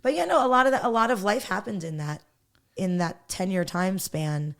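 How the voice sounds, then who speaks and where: A woman's voice: mid-range voice, normal speed, creaky. A woman in her thirties, a podcast guest, telling her story bluntly and candidly, laughing often.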